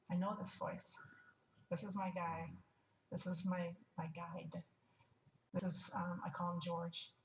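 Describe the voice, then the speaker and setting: A woman's voice: lowish voice, vocal fry, a little mellow, slight background noise. An older woman telling a personal story in a frank, wry way, stopping to restart and add asides. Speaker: testimony speaker. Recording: echoey room, mic at a distance, faint ambience.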